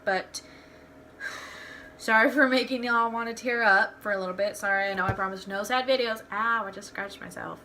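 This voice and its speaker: Young woman, bright clear voice, candid rambling vlog talk, faint hiss behind. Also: mid-range voice, fairly even intonation, normal speed. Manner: candid, rambling, with frequent restarts. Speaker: vlogger. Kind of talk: casual storytelling vlog.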